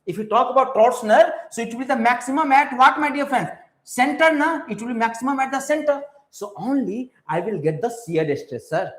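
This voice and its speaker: A man with an Indian English accent teaching a live online exam-prep class. He switches between English and Hindi, repeats his points and keeps quizzing his viewers. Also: high voice. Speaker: engineering exam tutor. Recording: roomy echoey room.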